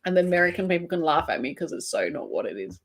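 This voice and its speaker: An Australian woman with a lowish voice hosts a casual crochet livestream, talking fast and with lots of animation. She giggles often and banters as she reads viewer comments out loud.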